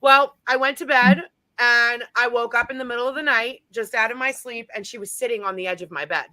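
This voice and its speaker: Woman guest, bright voice, dry close sound, earnest ghost story. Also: a little high, a little fast, no room sound, low-quality recording. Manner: earnest, repeats phrases. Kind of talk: telling a personal story.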